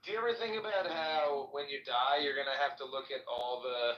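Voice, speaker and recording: A man's voice: mid-range voice, brisk, lo-fi sound. Teasing man in an echoey room. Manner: teasing and joking. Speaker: podcast co-host. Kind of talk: casual chat.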